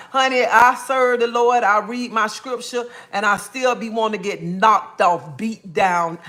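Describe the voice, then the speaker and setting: A blunt, sassy woman talks straight to her viewers on a casual live stream. Her voice is bright and pointed, sitting at a middle pitch. She keeps calling people honey and baby and tags her points with "okay?". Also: unhurried. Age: adult, a mother. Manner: repeats "okay?" after points. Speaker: livestreamer.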